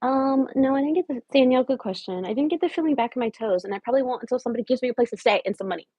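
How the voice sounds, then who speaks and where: A woman's voice: sits high, racing, mellow, breathy edge, no echo, dull audio. A woman playing a scheming homeless woman in her late twenties who wheedles her live chat for a place to stay, shifting into sudden whispers. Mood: wheedling. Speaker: comedic livestream host. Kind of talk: improvised parody livestream.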